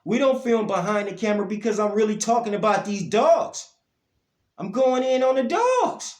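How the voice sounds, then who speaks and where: Blunt aave-guy ranting on camera, kinda high voice, echoey room. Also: lively intonation, moderate pace. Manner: blunt, profane, heated, pitch and loudness swinging up and down. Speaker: dog breeder vlogger.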